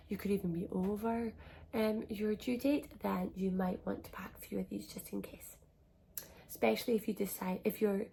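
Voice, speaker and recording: A young woman chatting softly to camera as a parenting vlogger, giving reassuring advice, often dropping close to a whisper. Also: mid-range voice, vocal fry, slight background noise. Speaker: parenting vlogger, first-time mum. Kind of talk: casual advice chat to camera.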